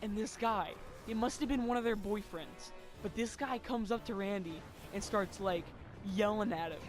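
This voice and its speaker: Young guy, high voice, casual storyteller, rambles and swears, lots of "like"s, faint game music behind. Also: moderate pace. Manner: rambling, swears a lot, many "like" fillers.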